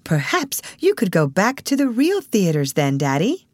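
A woman voicing a lively, cheerful young woman who speaks eagerly. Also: mid-range voice, normal speed, no echo, pitched above the performer's own voice. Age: young adult. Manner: eager, exclamatory.

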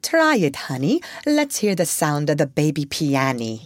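A woman's voice: sits low, sing-song, unhurried, no room sound. A woman voicing an earthy older housekeeper who speaks in a rustic dialect, in a storybook reading. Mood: coaxing.

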